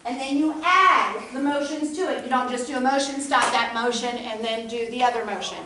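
A woman choir director leading students through a rehearsal warm-up, giving instructions in an unhurried way. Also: fairly high pitch, noisy background. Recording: echoey room, from far off.

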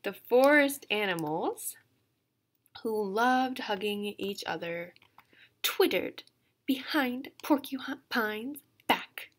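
A woman, a museum educator, reading a picture book aloud to young English learners, animated and repetitive, sometimes dropping to a soft whisper. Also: on the high side, slow.

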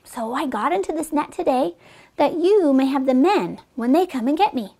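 A woman voicing a sly, cunning male fox in a children's storybook fable, talking in a persuasive, sometimes hushed way. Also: high voice, expressive, moderate pace, voice pushed up.

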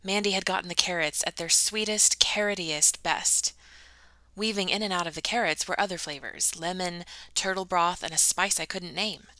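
A woman reading a novel aloud in a bright, crisp voice, sitting slightly low in pitch. The sound is dry and close, and she drops in casual, self-deprecating asides. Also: a little fast, few pauses, no echo. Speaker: audiobook reader.

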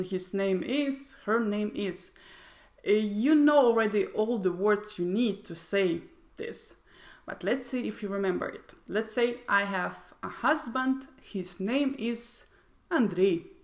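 A woman's voice: mid-range voice, fairly bright tone. A woman with a Russian accent, a native Russian speaker, teaching a language lesson and carefully repeating example phrases. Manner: slow, deliberate repetition of example phrases.

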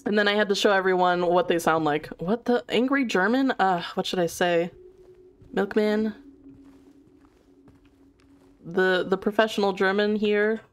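A woman's voice: mid-range voice, moderate pace, clean tone. A woman streaming a horror game in a giggly, chatty way, swearing casually as she plays. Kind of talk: casual live-stream chat.

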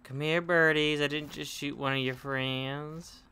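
A man playing through a game while commenting, chatty and excitable, yelping and laughing when things surprise him. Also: fairly high pitch, unhurried, noisy background. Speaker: gamer. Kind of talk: let's play commentary.

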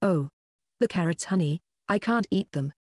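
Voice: animated, moderate pace, no echo, lightly acted. A narrator voicing a frail old woman who is hard of hearing, with a shaky manner, in a dry close recording. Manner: shaky, raising pitch on questions.

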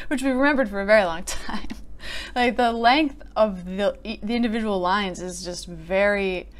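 A woman giving a casual poetry critique, chatty and amused, often filling pauses with "like.". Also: mid-range voice. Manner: chatty, frequent "like" fillers, amused. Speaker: poet and video host.

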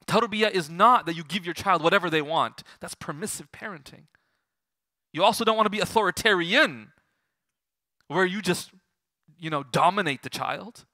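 A young man, an Islamic teacher, giving an animated lecture and putting questions to his audience. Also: on the high side, dry recording, clean studio sound.

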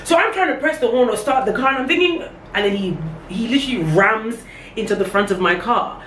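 A young woman telling a casual story on camera, acting out every quote with big jumps in her voice. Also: brisk. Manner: animated, acts out quotes with big pitch jumps. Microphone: camera on a tripod. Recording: echoey room with faint background hum.

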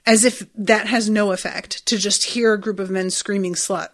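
A woman's voice: mid-range voice, steady tone, moderate pace. A woman hosting a podcast, recapping a TV episode in a rambling, chatty way and swearing freely. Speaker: podcast host.

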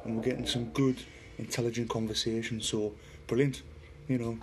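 Middle-aged Geordie man, mid-pitch, chatty livestream host; clear static hiss under the voice. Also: level tone, normal speed, a little mellow. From Newcastle, northeast England. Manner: chatty, reads viewer comments aloud, talks to a spirit box. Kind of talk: casual livestream chat.

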